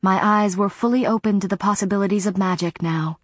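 A woman narrating a first-person novel in a measured, even reading voice, on a close studio mic. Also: mid-range voice, slightly rough, no echo. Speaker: audiobook narrator.

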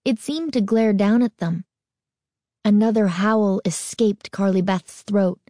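A woman narrating a spooky story as an audiobook, expressive and suspenseful. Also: mid-range voice, unhurried, dry recording, studio quality.

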